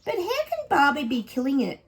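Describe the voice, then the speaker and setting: A woman's voice: high voice, huge pitch swings, a little fast. An Australian woman psychic chatting casually to her viewers in a rambling vlog reading.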